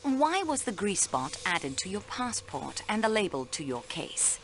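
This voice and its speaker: An actress playing a sharp young female railway clerk questioning suspects in a video game, precise and polite. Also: mid-range voice, big pitch swings, unhurried, slight background noise. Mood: pressing.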